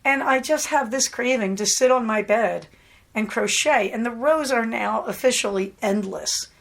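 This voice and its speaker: Her voice on the high side and creaky, a woman hosting a podcast narrates a story at normal speed in a casual monologue. She's lively and laughs often, voicing the people she quotes.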